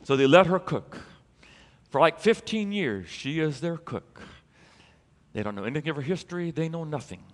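A man preaching a sermon as a pastor, telling a story in an animated way and building to emphatic peaks. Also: fairly high pitch, moderate pace, long reverb tail.

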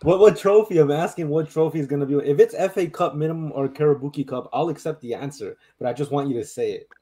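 A man's voice: a little high, quick pace, mellow. A man in a casual football debate, teasing and pressing with questions.

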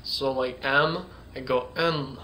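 A man teaching ventriloquism in a casual tutorial, talking slowly and hesitantly with many fillers. His voice is bright and forward. Faint hiss sits in the background. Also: mid-range voice, steady tone. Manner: hesitant, full of fillers, demonstrating sounds.

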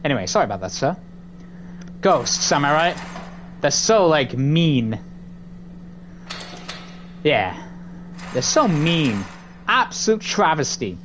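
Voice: medium pitch, very animated, slow pace, long pauses, a bit bright, slight background noise. A gamer giving let's-play commentary on a horror game, swearing, taunting and jittery, recorded on a desk microphone indoors.

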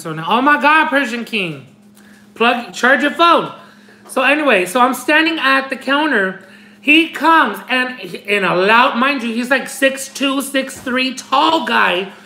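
A man's voice: very high voice, pushed and bright. A man vlogging as he opens fan mail, telling a story to his viewers in a dramatic, giggly way. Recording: roomy echo.

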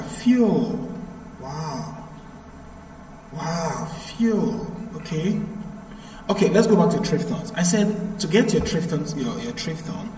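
Slow-talking male teacher, echoey room. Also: fairly high pitch, darkish tone. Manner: patient, repeats himself, drills the class. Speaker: English pronunciation teacher. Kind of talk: live classroom lesson. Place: echoey classroom. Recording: roomy, echoey, from far off.

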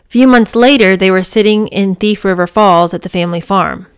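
A woman's voice: medium pitch, fairly quick, smooth. Chatty woman reading a memoir aloud. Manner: chatty, enthusiastic, many fillers. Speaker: book reader and reviewer. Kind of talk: memoir reading with casual commentary.

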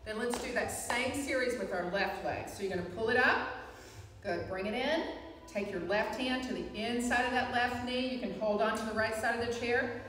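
A woman instructor guiding a live chair yoga class, with calm, encouraging cues and frequent reminders to breathe. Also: a little high, moderate pace, far from the mic. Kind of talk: live guided fitness class. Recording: echoey hall, voice from afar.

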